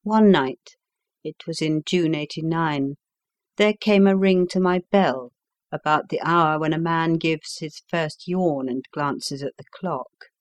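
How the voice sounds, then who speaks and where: Brief: woman audiobook narrator, deep for a woman, slow and measured, dry close recording. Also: no room sound. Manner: measured, unhurried storytelling. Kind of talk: scripted narration of a classic story.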